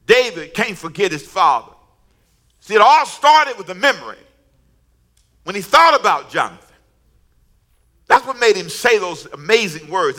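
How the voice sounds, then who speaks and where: A middle-aged man preaching a sermon with humor and storytelling, calling on the congregation to repeat lines after him and shouting his emphatic declarations. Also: sits high, very animated, moderate pace, long pauses. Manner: call-and-response, urging the congregation to repeat lines; storytelling with humor, laughing at his own jokes. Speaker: pastor.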